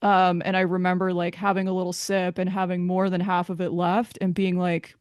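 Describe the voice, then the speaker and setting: Woman interviewee, hesitant candid account, even flat delivery, smooth clear voice. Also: on the low side, brisk, hardly any pauses, no echo, clean studio sound. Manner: hesitant, with frequent restarts.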